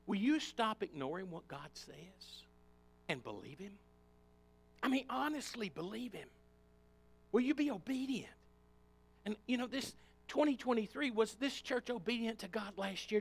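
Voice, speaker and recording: A pastor with an Appalachian accent preaching a Sunday sermon in a church, swinging between quiet pleading and loud, impassioned build-ups. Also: male voice, expressive, normal speed, vocal fry, long pauses. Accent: Appalachian American. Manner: impassioned preaching, rising and falling in pitch and volume. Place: church sanctuary.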